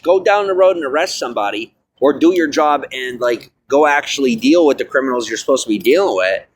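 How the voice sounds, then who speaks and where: Man, angry, ranting, swearing, repetitive, bright forceful voice, outdoors at night. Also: fairly high pitch, slight background noise. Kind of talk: angry monologue. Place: outdoors at night by a bus bench.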